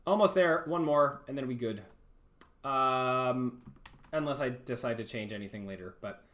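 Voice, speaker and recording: A man's voice: mid-range voice, normal speed, fairly bright tone. A young man chatting casually on a livestream, rambling, self-deprecating and laughing often.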